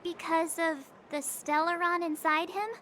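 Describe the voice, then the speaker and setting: Very high, bright young companion. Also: female voice, little pitch movement, unhurried, slight background noise, full character voice. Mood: lively.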